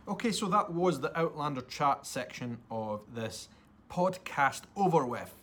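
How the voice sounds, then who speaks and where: A man's voice: medium pitch, fairly bright tone, slight background noise. Chatty Scottish man hosting a podcast. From Scotland. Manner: chatty and enthusiastic, talks straight to listeners. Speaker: podcast host. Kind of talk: casual solo podcast chat.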